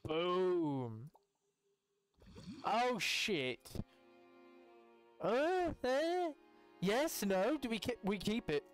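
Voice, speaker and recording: A young man chats through a building game in a relaxed, rambling way, his fairly high voice leaping up whenever something pleases him. He swears casually and talks straight to his viewers. Soft background music plays quietly behind him. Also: drawn-out words, long pauses. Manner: excitable, swears casually, bursts into high exclamations. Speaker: gaming youtuber. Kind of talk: casual gameplay commentary.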